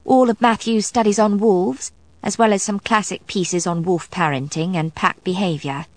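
A woman voicing a brisk, hard-edged female vampire friend who talks in a matter-of-fact way. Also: mid-range voice, steady tone, dry recording, voice pushed up, lightly acted.

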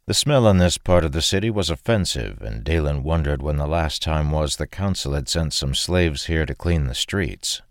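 A man reading fantasy fiction aloud in a steady, measured narration. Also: extremely low pitch, no room sound, studio quality. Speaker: audiobook narrator.

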